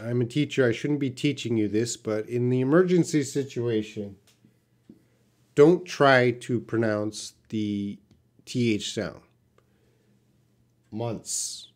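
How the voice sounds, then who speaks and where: A man's voice: mid-range voice, darkish tone. A Canadian man, an English teacher, answering viewers' questions patiently in a live-stream lesson.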